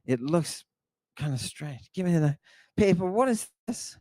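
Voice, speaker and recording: A man's voice: high voice, animated, moderate pace, mellow, no room sound. A man giving a livestream lecture on ancient texts, theatrical and exclamatory, addressing his listeners as a congregation.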